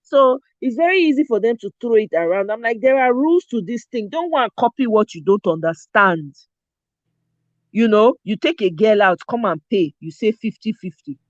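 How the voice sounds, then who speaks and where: Animated Nigerian woman host. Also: fairly high pitch, moderate pace, no echo. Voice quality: animated, mixes pidgin and Yoruba phrases. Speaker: show host. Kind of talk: casual chat. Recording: dull lo-fi dry sound.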